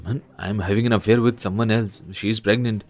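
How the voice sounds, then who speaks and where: A man's voice: lowish voice, steady tone, a little fast, a little mellow, faint music behind, close to an everyday voice. A man as a guilty pleading husband. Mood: flustered. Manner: pleading, flustered.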